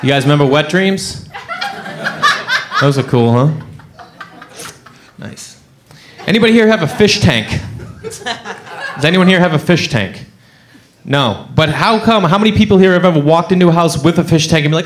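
A man's voice: a little high, normal speed, pauses often. A man performing a stand-up comedy set, telling a story with acted-out voices and crowd work. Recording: live club with crowd laughter.

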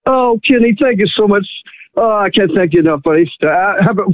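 A man's voice: high voice, expressive, brisk, dry recording, low-quality recording. A man calling in to a radio show, effusive and stammering, repeating himself. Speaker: caller. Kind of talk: phoned-in radio call.

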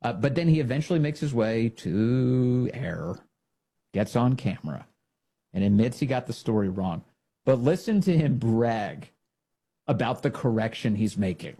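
A man hosting a political commentary show, mocking a news report in a sarcastic, animated way. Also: mid-range voice, a little slow, breathy edge.

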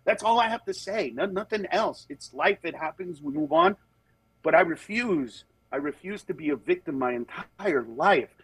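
A male comedian chatting as a podcast guest, his voice pitched high and a little husky. He tells stories with big swings up and down in pitch and keeps dropping into quick impressions. When he makes a serious point he turns earnest and emphatic, and the recording sounds close and dry. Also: no echo, low-quality recording. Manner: animated storytelling, slips into quick character voices. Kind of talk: casual podcast conversation.

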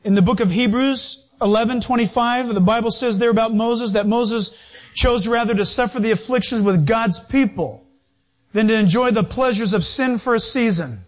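A man preaching a sermon in a lively, animated way, acting out voices as he goes. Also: extremely high pitch, normal speed. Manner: animated, acts out voices and quotes.

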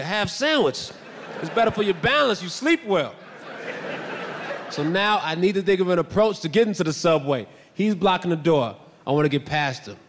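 High-pitched guy doing stand-up, animated, shouts punchlines, long hall echo, faint room hum. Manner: animated, swings into loud shouted bits. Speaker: stand-up comedian. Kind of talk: stand-up comedy set. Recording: reverberant hall with faint ambience.

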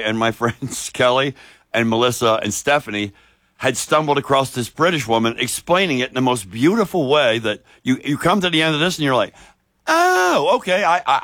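Chatty guy hosting a show, really lively pitch, super dry mic. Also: dry recording. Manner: animated, enthusiastic storyteller. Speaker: talk show host. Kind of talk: casual chat.

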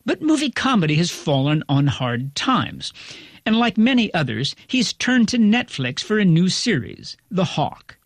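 A male critic reading a scripted review in a wry, articulate, measured way. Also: high voice, big pitch swings, dry recording, clean studio sound.

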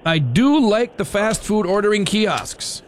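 A man's voice: sits high, animated, measured pace, a little hiss or hum. A man hosting a radio talk show, chatting in a rambling, opinionated way full of fillers and restarts.

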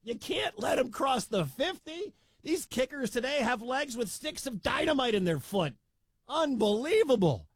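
A man hosting a radio sports show, calling football with emphatic, excitable commentary that climbs into shouts. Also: very high-pitched, unhurried, husky, no room sound. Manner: emphatic, rising to loud shouts at big plays.

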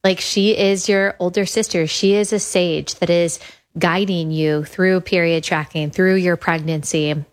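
A woman's voice: lowish voice, fairly even intonation, measured pace. A woman in her thirties hosting a podcast, talking earnestly and enthusiastically, repeating words for emphasis. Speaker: podcast host. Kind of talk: casual monologue about her app.

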